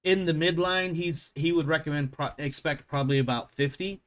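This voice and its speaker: A man's voice: fairly high pitch, a little fast, a bit bright. A man narrating as game master of a tabletop role-playing game, rambling and correcting himself and swearing at his slips.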